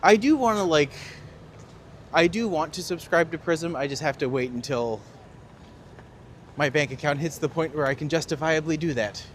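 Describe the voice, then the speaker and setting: A man's voice: fairly high pitch, moderate pace, pauses often, slight background noise. A man hosting a walking tour livestream, chatting and joking casually as he walks city streets. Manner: joking, lively banter. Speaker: tour guide and streamer host.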